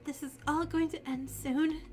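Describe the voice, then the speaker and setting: A despairing young girl in a game, quiet and resigned, as a woman reads her part aloud. The voice is fairly high-pitched, with faint music behind it. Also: fairly even intonation, measured pace. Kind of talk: reading game dialogue aloud.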